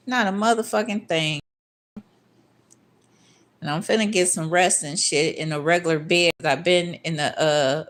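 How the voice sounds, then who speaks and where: Profane, heated woman vlogger, lowish voice. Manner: angry, repeats herself when worked up. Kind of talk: casual ranting monologue to camera.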